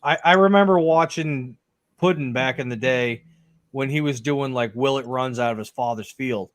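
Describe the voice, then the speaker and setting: A man's voice: mid-range voice, normal speed. A man telling stories in a casual, chatty way. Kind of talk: casual chat.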